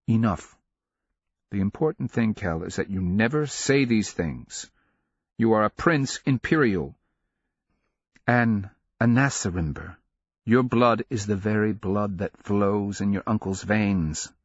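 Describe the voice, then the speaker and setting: A man's voice: on the low side, slow, slightly rough, dry recording, dull audio. A man voicing a stern, anxious noble mother who is an empress, speaking firmly and admonishing a child in an audiobook. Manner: firm, admonishing. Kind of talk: audiobook character reading.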